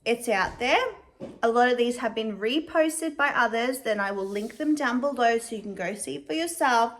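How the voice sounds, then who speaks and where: A young adult woman vlogs casual commentary in a slightly high voice. She's chatty yet measured, with frequent fillers.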